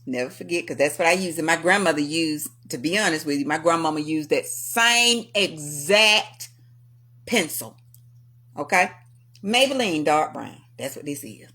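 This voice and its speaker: A woman's voice: low-pitched, moderate pace. A woman hosting a vlog, telling personal stories to her viewers with frequent laughter. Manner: animated, laughs often, talks to viewers. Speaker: vlog host. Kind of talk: casual storytelling commentary.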